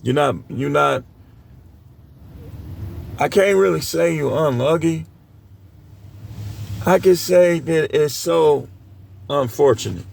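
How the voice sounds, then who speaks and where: A man's voice: fairly high pitch, expressive, takes it slowly, creaky, pauses often, darkish tone. A middle-aged man giving blunt, scolding dating commentary, lecturing his viewers in a preachy way. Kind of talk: ranting commentary to camera.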